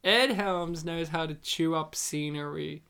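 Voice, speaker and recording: A man's voice: fairly high pitch, unhurried, gravelly, bright, forceful tone, clean tone. Blunt, opinionated man reviewing films. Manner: blunt, opinionated, swears freely. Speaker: podcast co-host. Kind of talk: casual movie commentary.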